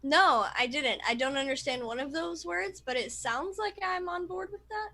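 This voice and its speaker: Female co-host, bright and fairly high, lively and blunt. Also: normal speed, low-quality recording. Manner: animated, swears freely. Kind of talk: casual panel chat.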